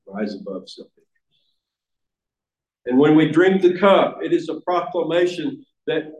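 Echoing through a roomy church sanctuary, a preacher gives an earnest, emphatic sermon, occasionally starting a phrase over. His voice is a little high for a man and a little mellow.

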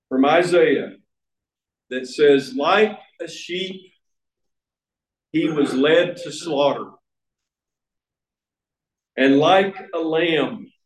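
Slow, emphatic preacher in an echoey room. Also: male voice, on the high side. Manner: slow, emphatic, repeats words for stress. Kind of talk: sermon.

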